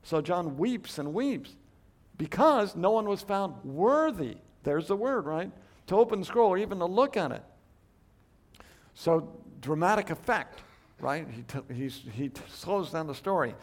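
Bible teacher, a man with a slightly high voice, emphatic, swings from loud stresses to hushed asides, rhetorical questions. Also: lively intonation. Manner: thinks aloud with quick restarts and rhetorical questions. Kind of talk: Bible study lecture.

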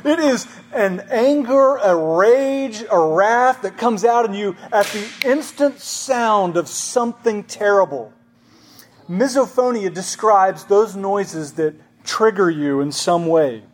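Pastor, male, high voice, chatty sermon delivery with questions to the room. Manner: conversational, asks the congregation questions.

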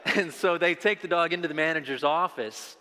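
A man's voice: a little high, a little fast, sharp tone, long reverb tail. A man preaching a sermon as pastor, telling a folksy joke story with self-deprecating asides before moving into the text.

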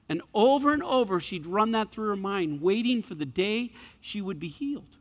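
A man preaching a sermon and telling a story, swinging between loud passages and hushed ones. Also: sits high, expressive, normal speed, hardly any pauses. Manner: dramatic shifts between loud and hushed delivery. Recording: echoey hall, dull lo-fi sound.

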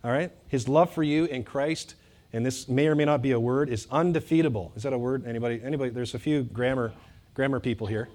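A male pastor preaching a sermon to a congregation, animated and emphatic, building to loud bursts and dropping to quiet, joking asides. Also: mid-range voice, fast talker. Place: church hall with congregation.

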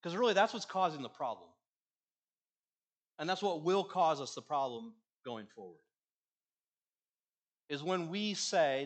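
Male pastor, sermon delivery, slightly high voice, earnest, loud and then hushed. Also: expressive, a little slow, pauses often. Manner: earnest preaching, swinging between loud emphasis and hushed endings.

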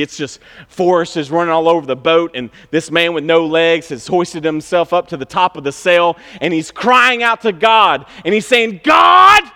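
A man's voice: fairly high pitch, fairly bright tone. A male pastor preaching a sermon in a conversational, storytelling way with bursts of emphasis. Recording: long hall reverb.

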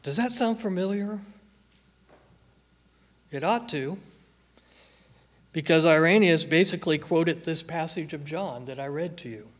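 A male pastor delivering a sermon at an unhurried pace. He speaks in a slightly raised register, stressing and repeating phrases to drive points home. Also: fairly high pitch. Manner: slow, emphatic preaching with repeated phrases.

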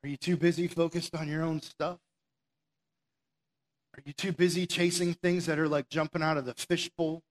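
A man's voice: on the high side, normal speed, long pauses. Fired-up male preacher, conversational. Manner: energetic and conversational, with lots of "like"; rhetorical questions to the listeners. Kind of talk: sermon. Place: stage before an audience.

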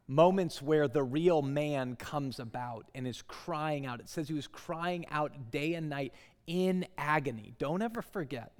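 Preacher man in a reverberant hall. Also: medium pitch. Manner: dramatic, swings from hushed to loud. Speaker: guest preacher. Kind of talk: sermon. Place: church sanctuary.

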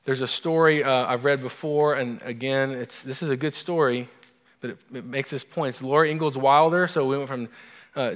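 A pastor giving a sermon in a casual, storytelling way, breaking off for asides to the congregation. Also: male voice, medium pitch, a bit bright. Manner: conversational, self-interrupting storyteller with asides to the congregation. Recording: long hall reverb.

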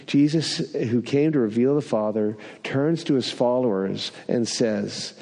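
A man's voice: medium pitch, a little slow, few pauses, warm tone, big-room sound. A man preaching a sermon, telling a personal story with self-deprecating humor.

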